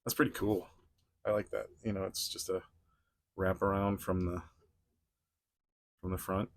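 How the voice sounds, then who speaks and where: A man's voice: sits low, little pitch movement, measured pace. A man hosting a casual toy unboxing review, rambling with frequent chuckles and restarts.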